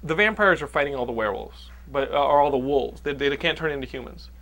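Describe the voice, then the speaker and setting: Bright-voiced man rambling through a plot. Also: medium pitch, quick pace. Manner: rambling, restarts a lot. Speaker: podcast host. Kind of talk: casual chat, movie review.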